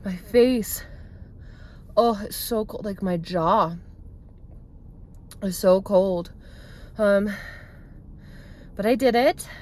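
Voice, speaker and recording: A woman's voice: mid-range voice, extremely slow, long pauses, a little mellow. A woman in her thirties chatting casually to a phone camera from her parked car, rambling and self-deprecating with lots of fillers. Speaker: vlogger. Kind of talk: casual vlog chat. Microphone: phone held close.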